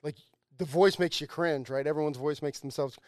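A man co-hosting a podcast, talking in a quick, self-deprecating way and laughing often. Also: on the high side. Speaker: podcast co-host. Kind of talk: casual chat.

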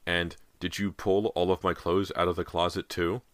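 A man voicing a stubborn, anxious teenage girl in an audiobook, tense and shrill when upset. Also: little pitch movement, moderate pace, fairly bright tone, no room sound. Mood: angry.

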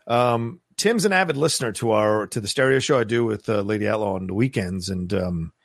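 A man co-hosting a podcast in casual chat, animated and swearing casually. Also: fairly low pitch, fairly quick, vocal fry, no room sound, clean studio sound. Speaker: podcast co-host.

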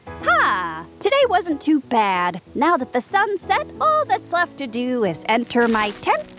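A woman's voice: high-pitched, huge pitch swings, unhurried, fairly bright tone, soft background music, heavily acted. A woman voicing a timid young male snake who scares easily, in a children's audio story. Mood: nervous. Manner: jumpy, nervous, easily frightened.

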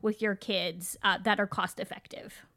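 A woman's voice: medium pitch, fairly even intonation, moderate pace, pushed and bright, dry recording, clean studio sound. A woman co-hosting a podcast, asking questions and chiming in with enthusiasm. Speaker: podcast co-host. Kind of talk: podcast interview.

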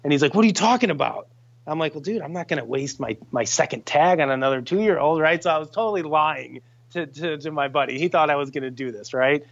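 A man casually telling a hunting story on a podcast, animated and swearing freely as he acts out his friends' lines. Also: a little high, fast talker, few pauses, muffled recording. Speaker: guest hunter telling a story.

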